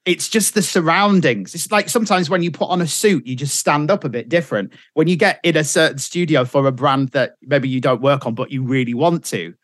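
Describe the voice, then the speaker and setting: A man's voice: a little high, a little fast, hardly any pauses, a bit bright, dry recording. A middle-aged man tells radio anecdotes in easy conversation. He slips into other people's voices when he quotes them. The recording is dry and close, with no room around it. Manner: chatty storyteller, acts out quotes. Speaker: radio presenter guest. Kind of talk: casual interview chat.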